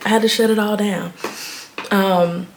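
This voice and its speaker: A woman's voice: mid-range voice, fairly even intonation, unhurried, slight background noise. A woman, chatting candidly to her viewers in a get-ready-with-me vlog. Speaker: beauty vlogger.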